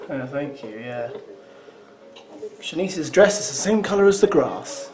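A man's voice: a little high, sing-song, moderate pace. A man giving teasing, sarcastic running commentary as he reacts to a show. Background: show soundtrack music.

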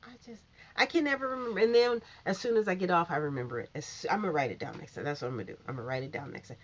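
A woman giving a casual, sassy opinion monologue as a commentary vlogger, swinging from loud outbursts to hushed asides. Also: fairly low pitch, rapid-fire, slight background noise. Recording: muffled lo-fi recording.

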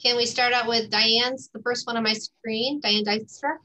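A woman hosts an online meeting from a computer mic. Her voice is bright and slightly high. She calls on each person by name in a friendly way. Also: fairly even intonation, normal speed, rough recording. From Wisconsin. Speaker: regional director, meeting host. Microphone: computer mic on a video call.

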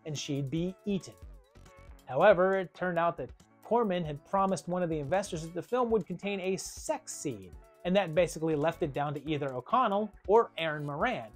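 Horror review host, mid-pitch, animated and wry, faint music bed. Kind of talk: scripted video review narration.

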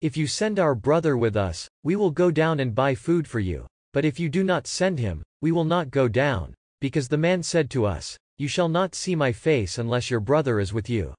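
A man's voice: medium pitch, big pitch swings, normal speed, few pauses, darkish tone, no room sound, studio quality, natural voice. Judah, earnest pleading son, read by a man. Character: earnest grown son pleading with his father.

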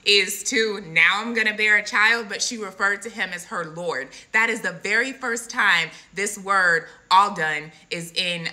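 Speaking in a sharp, mid-range voice, a woman who makes Christian content offers a heartfelt, relaxed devotional testimony and addresses her audience as "guys."

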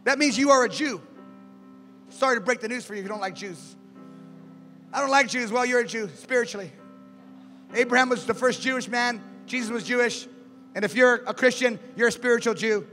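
A male pastor with a very high, bright, piercing voice, shouting and calling back and forth with his congregation. The sermon is taken in a big hall with a long echo, and soft music plays under him. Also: quick pace, pauses often. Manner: shouting call-and-response, drives the crowd. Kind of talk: preaching a sermon. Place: large church hall with music. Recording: echoey church hall with music behind.

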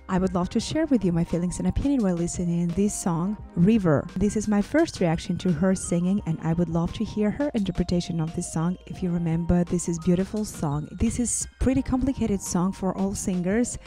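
A woman vocal coach talks through her reaction to a singer in a casual, excitable way, breaking into frequent exclamations. Her voice sits at an ordinary middle pitch, with faint music playing quietly behind her. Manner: enthusiastic, exclaims often.

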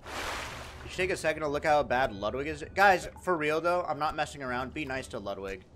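A young man live-streaming in casual chat, animated and profane as he jokes back at his viewers. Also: a little high, fairly quick, background noise. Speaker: livestreamer.

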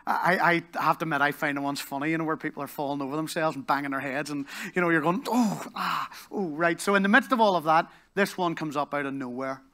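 Northern Irish male pastor, bright tenor-ish voice, sermon storyteller who goes quiet and slow for emphasis. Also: fairly high pitch. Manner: animated storytelling that drops to a soft, slow hush. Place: church service in a leisure complex hall.

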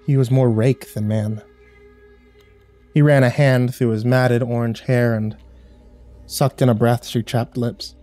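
A man reads a horror story at an unhurried, somber pace, his voice dark and mellow. Faint music plays under the narration. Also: mid-range voice. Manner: measured, somber storytelling with quiet dialogue reads.

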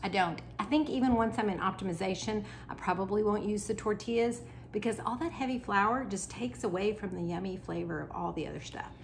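A woman's voice: mid-range voice, brisk, vocal fry, slight background noise. A woman, a health coach chatting casually through a cooking vlog at home, talking while she eats. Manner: chatty, talks while eating.

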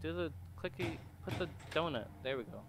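A man's voice: on the high side, animated, brisk, noisy background. Goofy young man playing a horror game. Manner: goofy, jokey, talks back to the game. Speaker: gaming YouTuber. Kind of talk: horror game let's play commentary.

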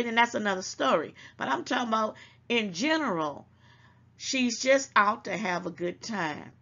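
A woman's voice: fairly high pitch, gravelly, a bit bright. A woman hosting her own channel, giving emphatic, preachy commentary to her viewers and calling them baby. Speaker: channel host. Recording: dull lo-fi sound.

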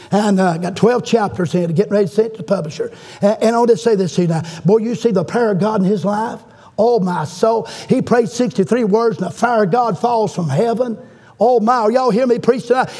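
A man's voice: sits high, dark tone, breathy edge. A middle-aged man preaching a fervent revival sermon in a church, telling a story and calling out to the congregation. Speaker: guest preacher. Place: church sanctuary.

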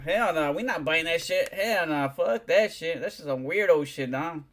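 A man's voice: a little high, animated, normal speed, fairly bright tone. Profane, slangy man. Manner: profane, slangy, rambling, keeps saying "dog". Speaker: livestreamer. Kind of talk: casual livestream chat.

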